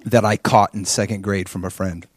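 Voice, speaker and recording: A pastor in his forties preaching a sermon, telling a personal story in an animated way and acting out his own past prayers and conversations. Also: fairly low pitch, moderate pace, no room sound.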